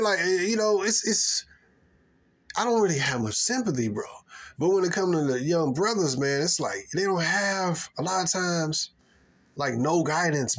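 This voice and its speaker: A man's voice: medium pitch, a bit bright. Aave guy ranting casual to the camera, emphatic, lotta slang, rambles on. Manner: rambling, emphatic, slangy, mocking put-on voices. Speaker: vlogger giving opinions. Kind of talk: casual monologue.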